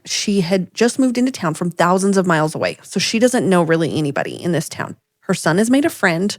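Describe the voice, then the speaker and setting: A woman co-hosting a podcast, telling a story in a casual chat, with big jumps in pitch when she quotes people. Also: lively intonation, a little fast, few pauses, no echo, studio quality. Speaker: podcast co-host. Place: home room with dogs nearby.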